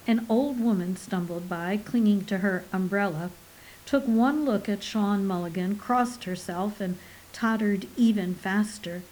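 A woman narrating an audiobook in an expressive storytelling delivery. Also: medium pitch, a little slow, low-quality recording.

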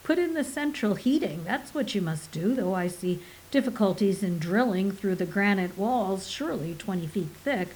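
A woman's voice: medium pitch, expressive, normal speed, few pauses, a little mellow, a little hiss or hum, close to an everyday voice, rough recording. A woman voicing a chatty, fussy middle-aged male pub landlord who hands out advice. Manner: gossipy, advice-giving.

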